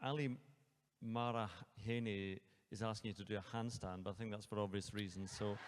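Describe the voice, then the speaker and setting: A man's voice: on the low side, fairly even intonation, normal speed. A man hosting a live Q&A, reading out audience questions with dry, teasing jokes. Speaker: host of a live Q&A. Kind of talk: moderating audience questions on stage. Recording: long hall reverb from a live venue.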